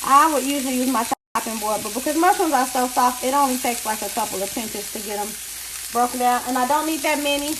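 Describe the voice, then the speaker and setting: A woman's voice: sits high, fast talker, noisy background. A woman hosting a home cooking video, chatty and explaining each step as she cooks in her kitchen. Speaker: cooking show host. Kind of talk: casual cooking demonstration.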